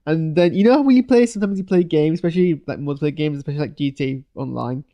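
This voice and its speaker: A man's voice: on the high side, very fast, lo-fi sound. A man giving a rambling, casual live reaction to a show's finale, full of fillers and restarts. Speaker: show reviewer.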